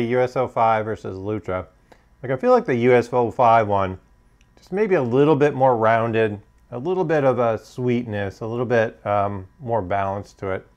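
A man hosting a homebrewing channel, casually reviewing his beers in a hesitant, hedging way, full of fillers. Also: medium pitch.

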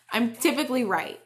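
A woman hosting a crafting podcast from home, telling a story in a chatty, casual way. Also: high voice. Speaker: crochet and knitting podcast host. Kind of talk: casual chat. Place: home, in front of a bookshelf.

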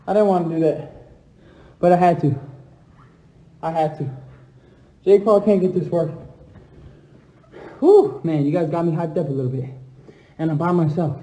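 A young man talks on a livestream in an echoey, empty house. His voice sits fairly high but sounds dark and mellow. He moves from low, subdued chat to loud, hyped trash talk. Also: measured pace, long pauses. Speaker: livestream host answering fans. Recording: echoey room.

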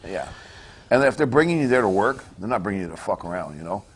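A lowish-voiced man from Canada answering interview questions in a blunt, casual way. He swears nearly every sentence and stumbles through restarts, never polished. The delivery stays loose and unscripted. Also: very animated, fast talker, slightly rough. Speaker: wrestler guest. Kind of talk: casual profane interview talk.

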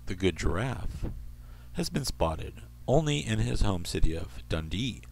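A man hosting an internet radio show, reading odd news stories in a rambling way and slipping into soft asides. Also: deep voice, big pitch swings, unhurried, vocal fry, slight background noise.

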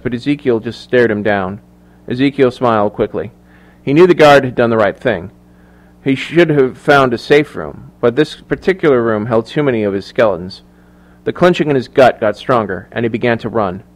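A man narrating a thriller audiobook in measured, even storytelling. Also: medium pitch. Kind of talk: scripted narration.

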